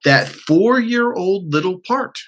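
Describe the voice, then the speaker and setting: A man coaching a client in an animated way, acting out quotes and swearing casually. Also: high-pitched, slow pace, faint music behind. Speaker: life coach. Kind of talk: coaching session.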